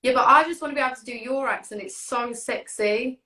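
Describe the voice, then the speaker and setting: A woman's voice: high-pitched, fairly quick, pushed and bright, roomy sound, distant mic, rough recording. A British woman joining a live stream as a guest, chatting with a giggly, hesitant manner. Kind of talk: casual live stream chat.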